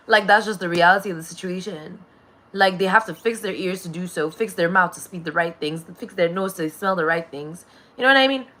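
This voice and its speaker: A woman's voice: mid-range voice, bright, forceful tone. A woman delivering a rambling, profane spiritual monologue, laughing often.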